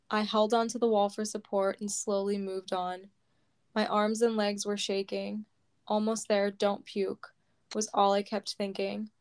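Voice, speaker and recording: A woman reads aloud from her own memoir at a slow, heavy pace, sounding close to tears. Her voice is smooth and clean, and her pitch stays level, rarely rising or falling. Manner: slow, heavy, measured storytelling. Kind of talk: reading aloud a personal memoir.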